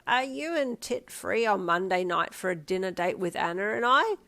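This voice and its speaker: A woman's voice: mid-range voice, expressive, moderate pace, gravelly, bright, forceful tone. A woman reading a fan story aloud, voicing a cheerful, teasing old grandfather. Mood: playful. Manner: playful, teasing.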